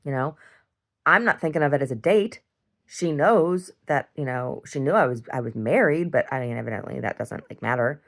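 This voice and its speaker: Speaking at a normal speed in an extremely low, animated voice, a video diarist delivers a meandering monologue. She's blunt and swears freely, keeps starting over, often says "I don't know," and lets out many small chuckles.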